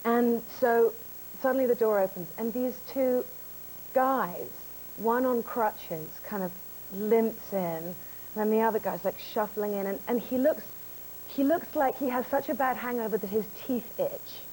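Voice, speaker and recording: A young woman, a talk show guest telling a lively, self-mocking story about an audition. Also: on the high side, a little slow, a little hiss or hum, rough recording.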